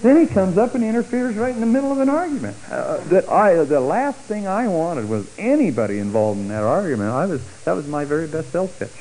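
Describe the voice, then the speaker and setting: A middle-aged man telling a personal testimony story, acting out the voices of the people in it with big jumps in pitch. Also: fairly quick, few pauses, slight background noise, poor audio. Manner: animated, acts out quoted speech with big pitch jumps.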